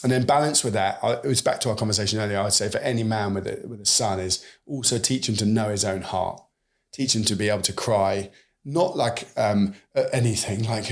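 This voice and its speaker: A man's voice: fairly low pitch, a little fast. A British man in his forties, a podcast guest who talks animatedly and acts out bits of quoted dialogue. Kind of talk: conversational podcast interview.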